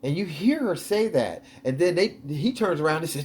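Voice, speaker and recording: A man's voice: a little high, very animated, moderate pace, few pauses, darkish tone, slight background noise. A man hosting a video, talking casually and eagerly over footage, with lots of ums and restarts. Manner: chatty, enthusiastic, many ums. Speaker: video host analyzing footage.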